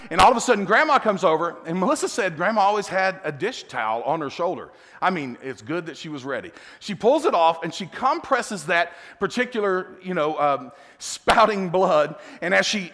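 A middle-aged male pastor, his voice a little higher than most men's, tells a story from the pulpit with chuckles and quick asides. The sound rings out in a church hall with a long reverb tail. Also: animated, pushed and bright. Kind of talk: sermon storytelling.

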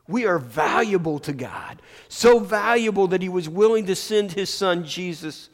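A man preaching a sermon as pastor, slow and emphatic, restarting his phrases often. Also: high-pitched, lively intonation. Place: church sanctuary. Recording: long church reverb.

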